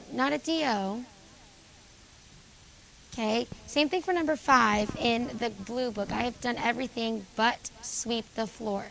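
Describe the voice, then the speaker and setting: A woman teacher going over grammar exercises with a junior high class, calling on students by name and confirming their answers. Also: creaky, a bit bright, low-quality recording. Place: school classroom.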